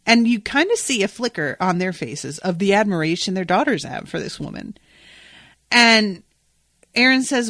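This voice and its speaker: A woman hosts a casual podcast and recaps a TV episode with a chatty, gushing enthusiasm, dropping swear words as she goes. Her voice sits at a medium pitch. It is recorded close to the mic in a dry space with no room echo. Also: expressive, normal speed, a bit bright. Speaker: podcast host.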